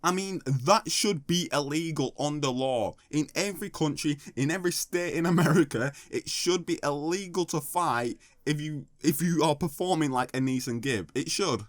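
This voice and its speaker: A man's voice: on the high side, normal speed, hardly any pauses, no room sound. A man doing mocking, sarcastic comedic commentary with a slightly raised voice. The recording is close and dry, with no room sound. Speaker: YouTube commentator.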